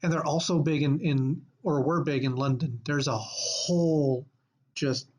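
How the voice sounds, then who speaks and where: A man's voice: fairly high pitch, steady tone, unhurried. A man co-hosting a podcast in casual chat, rambling with fillers and restarts. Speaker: podcast co-host.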